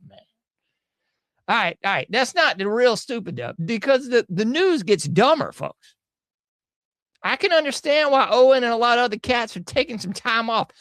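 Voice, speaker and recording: A podcast host riffs sarcastically on news clips, laughing often and drawling slang. His very high, fairly bright voice comes through a dry recording.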